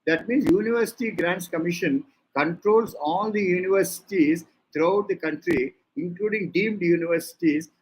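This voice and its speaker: A man's voice: high-pitched, moderate pace, slight background noise, low-quality recording. A man with an Indian English accent giving a law lecture, explaining points step by step and repeating them for his listeners. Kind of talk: classroom lecture.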